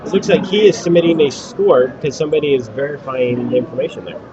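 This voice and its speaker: A man co-hosts a live hardware stream in an easygoing way, calmly walking through technical details. The audio is somewhat dull, and a crowd is clearly audible behind him. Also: medium pitch, fast talker. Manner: relaxed, explains technical details. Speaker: livestream co-host. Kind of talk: live event commentary.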